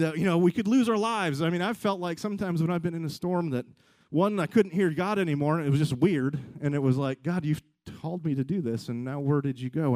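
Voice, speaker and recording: A man's voice: on the high side, a little mellow, no echo. A man preaching a casual sermon in a loose, rambling, conversational way, breaking off mid-sentence and acting out quoted voices. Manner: conversational, rambling, self-interrupting, acts out quotes. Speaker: pastor.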